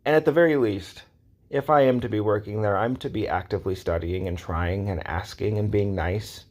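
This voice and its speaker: A man with a somewhat low voice rants straight to camera in a casual, exasperated way. He circles back to the same points and throws out rhetorical questions as he goes. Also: moderate pace, a little mellow. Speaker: vlogger. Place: Los Angeles area.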